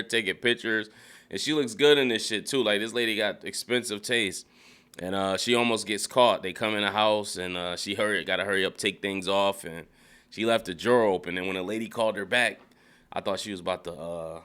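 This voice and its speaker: A man casually recapping a TV episode, animated and profane, laughing often and mimicking characters in a high voice. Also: clean tone. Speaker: TV recap reviewer. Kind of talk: casual spoken show recap. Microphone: studio dynamic mic.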